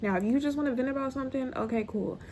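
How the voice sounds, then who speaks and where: A woman's voice: sits high, fast talker, dark tone, slight background noise. A middle-aged woman giving emphatic, repetitive, direct self-help advice to her viewers. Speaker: mental health content creator. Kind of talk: motivational talk to camera.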